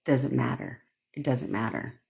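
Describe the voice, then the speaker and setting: On a phone livestream, a woman manifestation coach chats casually with her viewers, calling them by name and swearing often as she answers them. Her voice is very deep, gravelly and darkish, and she speaks in an unhurried way.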